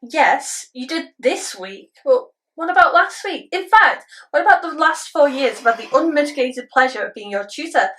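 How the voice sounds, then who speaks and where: A woman's voice: sits high, animated, moderate pace, few pauses, a bit bright. Woman playing a sarcastic male teacher. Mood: scolding. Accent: British English. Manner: dry, clipped, sarcastic scolding. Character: stern sarcastic male teacher, middle-aged. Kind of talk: scene acting.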